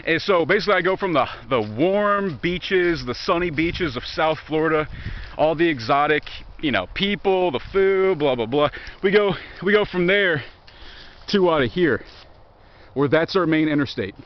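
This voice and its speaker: A man's voice: on the high side, animated, moderate pace, muffled recording, a little hiss or hum. Joking Southern-accented man on a walk. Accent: Southern American, Virginia. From Virginia. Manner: profane, joking and sarcastic. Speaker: vlogger. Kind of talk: rambling walk-and-talk monologue. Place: outdoors in woods near a highway.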